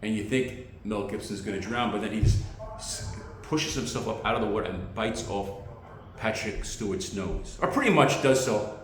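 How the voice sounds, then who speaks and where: A man's voice: fairly low pitch, lively intonation, moderate pace. A man doing a rambling, self-deprecating stand-up monologue as an amateur comedian. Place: outdoors on a pile of dirt. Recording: very echoey spot.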